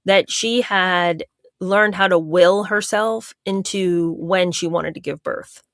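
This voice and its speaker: A woman's voice: fairly low pitch, fairly even intonation, slow pace, fairly bright tone, dry recording, studio quality. A woman commenting casually with a sarcastic, incredulous manner. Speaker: guest commentator.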